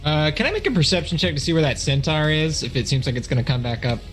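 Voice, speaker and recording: A man's voice: a little high, lively intonation, quick pace, soft background music. A man playing a tabletop game, easygoing and hesitant as he adds up his rolls. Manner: easygoing, hesitant while adding up dice. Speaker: player.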